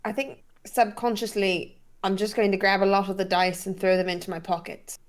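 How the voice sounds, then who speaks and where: A woman's voice: mid-range voice, little pitch movement, fairly quick. A woman playing a tabletop game, speaking with dry sarcasm. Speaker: player. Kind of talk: casual tabletop role-play.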